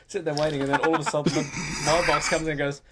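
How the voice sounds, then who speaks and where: A man's voice: a little high, rapid-fire, very noisy. An Australian man co-hosting a podcast, telling a story in casual chat, acting out lines of dialogue and swearing. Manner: animated, swears, acts out bits of dialogue. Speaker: podcast co-host.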